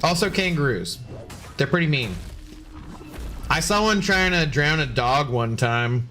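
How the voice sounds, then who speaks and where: Male game streamer, casual sarcastic banter with chat, a touch high-pitched, faint music underneath. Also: expressive, measured pace, bright, forceful tone. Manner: joking, sarcastic, swears freely. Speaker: gaming streamer reading chat.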